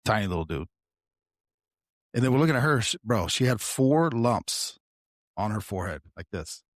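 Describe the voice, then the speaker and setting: This man's voice sits on the low side and moves at a moderate speed, captured in a dry, studio-quality recording. A podcast co-host and sheriff's deputy, he casually recounts a work story. He's animated, swears, and calls the listener "bro" over and over.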